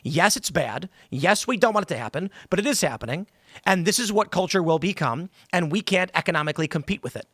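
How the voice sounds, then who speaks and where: A man's voice: sits high, animated, fairly bright tone, dry recording, studio quality. A man hosting a casual political talk show, arguing pushily and interrupting often. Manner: pushy, argumentative, quick to interrupt. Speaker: podcast host. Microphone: studio microphone.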